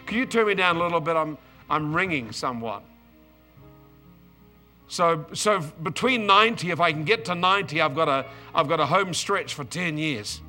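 A man's voice: a little high, animated, normal speed, bright, forceful tone, faint music behind. A man in his seventies with an Australian accent, preaching an emotional, exuberant sermon with bursts of praise and repeated words.

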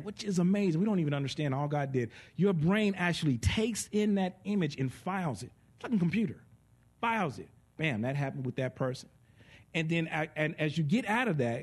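Animated high-voiced preacher man. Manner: animated, with sound effects and laughter. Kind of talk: sermon teaching.

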